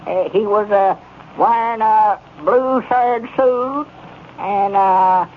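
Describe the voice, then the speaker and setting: An actor playing a worried, simple-hearted country storekeeper with a rural Arkansas accent, talking in a halting, fretful drawl. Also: male voice, high-pitched. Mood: on the phone. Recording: muffled 1930s radio broadcast with faint hiss.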